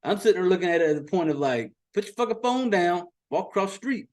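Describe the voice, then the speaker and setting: Profane, ranting man, high voice. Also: quick pace. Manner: profane, exasperated, animated storytelling. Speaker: podcast host. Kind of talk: casual movie recap rant.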